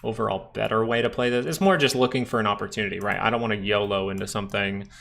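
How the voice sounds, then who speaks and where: A man's voice: on the low side, fairly even intonation, quick pace, vocal fry, a bit bright. A man hosting a live stock market stream, chatting casually as he explains charts and answers viewers, often adding "right?". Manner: chatty, explains while reading viewer chat; frequent tag questions like "right?". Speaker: stock market livestream host.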